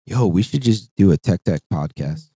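Excitable guy on a podcast, swears a ton, laughs a lot, dry close sound. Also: low-pitched, moderate pace, breathy edge, no echo. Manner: profane, excitable, laughs often. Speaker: podcast co-host. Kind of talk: casual chat.

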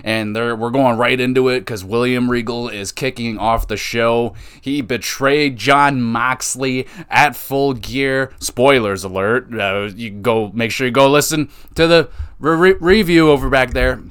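A man hosting a podcast, reviewing wrestling shows in an excitable, casual way, laughing and swearing freely. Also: medium pitch, unhurried, clear, resonant tone. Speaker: podcast host.

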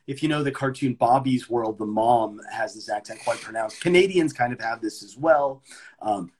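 A young man from Maryland with a mid-Atlantic American accent, talking casually as a podcast guest. His voice is a bit husky and his pitch sits in the middle. He explains at length, sometimes restarting with repeated words. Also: normal speed, darkish tone. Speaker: guest, English teacher and voice actor.

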